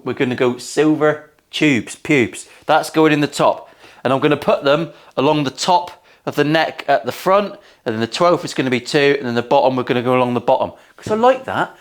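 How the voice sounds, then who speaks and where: Sweary, lively man in a workshop. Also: a little high. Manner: cheeky, sweary banter with viewers. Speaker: luthier and channel host. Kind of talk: casual workshop vlog. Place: guitar-making workshop.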